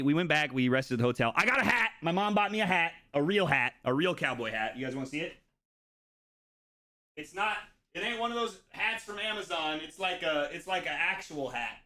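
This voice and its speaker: A man streaming live, casually telling a story to his chat, swearing freely and acting out what others said in a higher voice. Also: bright, forceful tone, no room sound.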